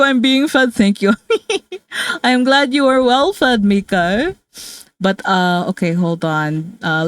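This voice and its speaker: A woman's voice: medium pitch, dry recording. Giggly Filipino woman streamer, chatty. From Philippines. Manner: chatty and giggly, mixing in Tagalog fillers. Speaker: VTuber streamer and artist. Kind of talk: casual livestream chat.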